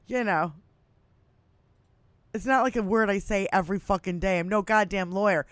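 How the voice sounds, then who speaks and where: A woman in her fifties rants through a casual political podcast chat, cursing freely and breaking into laughs. Her voice is smooth and resonant at a middle pitch, and it sounds dry and close with no room echo. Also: normal speed. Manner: profane, animated, laughs often. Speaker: podcast co-host.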